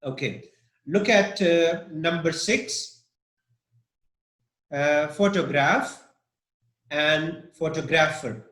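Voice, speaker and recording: A man teaching an English pronunciation lesson, talking haltingly with many fillers and "okay?" checks. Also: on the high side, a bit bright, roomy sound.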